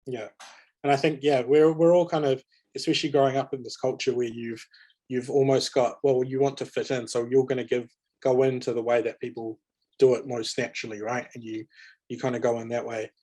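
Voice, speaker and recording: A male moderator guides a panel discussion. His voice is mellow and warm, and he keeps a loose, conversational manner. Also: medium pitch, flat delivery, brisk. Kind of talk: panel moderation on a video call.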